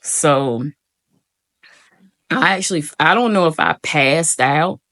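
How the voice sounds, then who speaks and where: Gravelly-voiced young woman vlogging. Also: deep voice, lively intonation, slow, a bit bright. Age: young adult. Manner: rambling, frequent "like" fillers, addresses viewers as y'all. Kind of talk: casual storytelling to camera.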